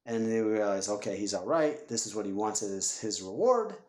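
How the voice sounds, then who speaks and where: A man co-hosting a casual movie podcast, retelling scenes with lively acted-out quotes. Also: fairly low pitch, brisk, few pauses. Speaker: podcast co-host. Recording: roomy echo.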